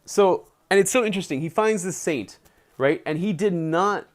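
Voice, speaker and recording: A young man with a slightly high voice reads aloud and chats at home. He drifts into excitable, rambling asides, leaning heavily on "like" as he goes. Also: normal speed. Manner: excitable, rambling, heavy on filler "like". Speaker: live streamer. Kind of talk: reading aloud and casual commentary. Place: indoors at home, settled under a blanket.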